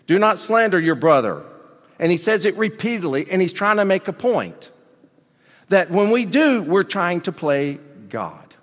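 A male pastor preaching a sermon, animated and emphatic, with folksy asides and questions to the congregation. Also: sits high, measured pace, big-room sound.

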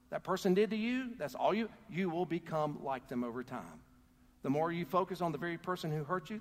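Earnest pastor preaching in a reverberant hall. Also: male voice, a little high. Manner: earnest, calls out to the congregation for responses. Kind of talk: sermon. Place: church.

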